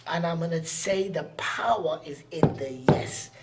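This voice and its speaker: Earnest man, often sinking into a hush. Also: on the high side, unhurried, very noisy. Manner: often drops to a hushed near-whisper; earnest, slangy, repeats phrases for emphasis. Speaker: podcast guest. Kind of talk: emotional personal storytelling.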